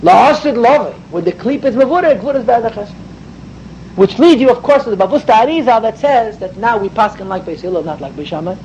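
A man's voice: sits high, expressive, quick pace, a little mellow, muffled recording, a little hiss or hum. A man giving an emphatic Torah class, explaining mystical ideas and mixing in Hebrew and Yiddish terms. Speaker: rabbi teaching Torah.

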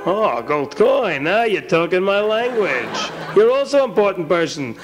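A man's voice: high-pitched, big pitch swings, moderate pace, faint music behind. A man doing a pompous boastful castle guard. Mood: greedy. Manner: boastful, puffed up, dim. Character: pompous self-important male castle guard.

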